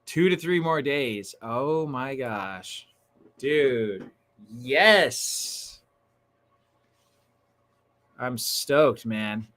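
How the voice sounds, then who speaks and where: A chatty man hosting a laid-back livestream, talking at an ordinary middle pitch. He gets excited fast and leans on slang like "dude" and "bro". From Northern California. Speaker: livestream host. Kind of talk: casual livestream chat.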